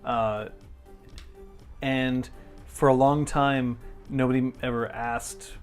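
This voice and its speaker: A man's voice: mid-range voice, fairly even intonation, slow pace, soft background music. A man running a tabletop game, chatting casually between scenes in a wry, rambling way with plenty of fillers.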